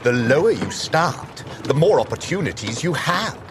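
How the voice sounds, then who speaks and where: A prim, earnest angel. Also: male voice, on the high side, very animated, moderate pace. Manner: lecturing, insistent. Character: prim earnest male angel arguing morals. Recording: show clip with outdoor noise and horses.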